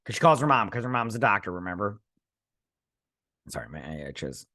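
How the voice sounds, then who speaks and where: A young man recaps a TV episode in a loose, rambling way, full of ums and false starts. His voice swings widely in pitch as he gets animated. The sound is dry and close, with no room echo. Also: fairly quick. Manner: rambling, many fillers and restarts; animated, acts out characters' lines. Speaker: TV show reviewer.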